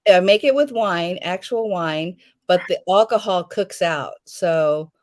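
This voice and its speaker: Woman, middle-aged, lowish voice, chatty, storytelling, casual interview. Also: measured pace. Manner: chatty storyteller, acts out quotes, laughs often. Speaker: guest, home jam maker. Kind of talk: casual live interview chat.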